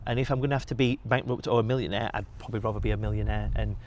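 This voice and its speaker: Young guy rattling off gym stories quick, lowish voice, swears a lot, bit of hiss behind. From England. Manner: swears freely, animated storytelling. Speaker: podcast guest, bodybuilder. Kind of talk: casual storytelling.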